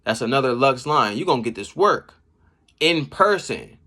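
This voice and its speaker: A man giving casual, slangy commentary on rap battle bars. He reacts with laughs and shouts as he explains each line. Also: mid-range voice, expressive, moderate pace. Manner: slangy street talk. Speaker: battle rap breakdown host.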